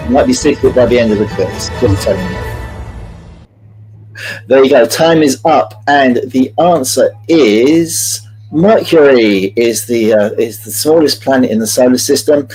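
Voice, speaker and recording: A man's voice: mid-range voice, a little slow, darkish tone, soft background music, rough recording. A man hosting a live-streamed multiple-choice quiz, chatty and jokey, greeting viewers by name as he reads out the questions. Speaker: quiz host.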